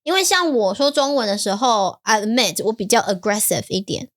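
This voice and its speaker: A woman's voice: a little high, big pitch swings, brisk, fairly bright tone. A woman from Taiwan with a Taiwanese Mandarin accent, co-hosting a casual bilingual podcast, patiently explaining, mixing Mandarin and English and laughing often. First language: Mandarin Chinese. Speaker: podcast co-host and Mandarin teacher.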